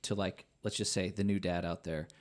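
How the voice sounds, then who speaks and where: A man hosting a podcast, calmly giving practical tips to listeners. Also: deep voice. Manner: measured, gives calm practical tips. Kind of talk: conversational podcast interview.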